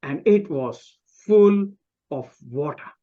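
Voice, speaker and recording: Guy telling a funny story about himself on a video call, takes it really slow, little muffled sound. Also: fairly high pitch, lively intonation. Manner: self-mocking, with pauses and restarts. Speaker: club speaker. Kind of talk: humorous personal storytelling speech.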